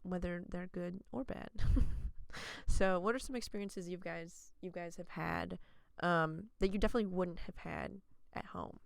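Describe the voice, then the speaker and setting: Young woman with a gravelly voice. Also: lowish voice, normal speed, no echo. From Arkansas, US. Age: young adult. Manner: relaxed, rambling with many fillers. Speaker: podcast host. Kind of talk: casual chat.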